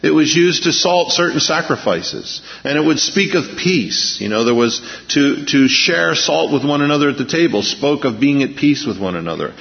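A man's voice: a little high, animated, gravelly. Man preaching in a reverberant hall. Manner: emphatic preaching, slowing for scripture readings. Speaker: pastor. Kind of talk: sermon. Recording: muffled lo-fi with long hall reverb.

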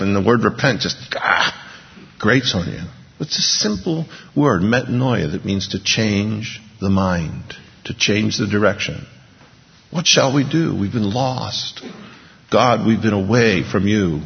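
A man preaches in a low, gravelly voice, his earnest sermon moving between hushed passages and emphatic ones. The recording is dull and lo-fi, and the words ring out with a long reverb. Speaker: pastor.

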